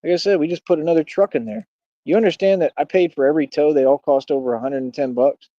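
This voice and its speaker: A man's voice: fairly high pitch, fast talker, warm tone, no echo, lo-fi sound. A man hosting a livestream, combatively mocking and taunting a rival in a heated rant. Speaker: livestream host.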